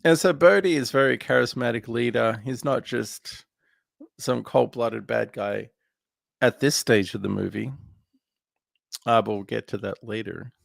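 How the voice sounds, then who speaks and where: Gravelly man recapping a film. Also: mid-range voice, a little slow, no echo, clean studio sound. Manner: meandering, filler-heavy retelling. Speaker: film podcast co-host. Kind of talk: casual film recap chat.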